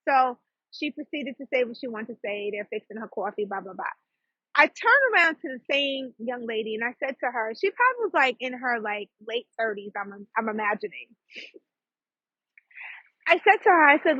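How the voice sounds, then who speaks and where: A woman, hosting her own podcast and telling a story in a fast, chatty way, with laughs and asides to her listeners. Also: high-pitched, expressive, breathy edge, dry recording, lo-fi sound. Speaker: podcast host and psychic. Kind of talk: casual storytelling monologue.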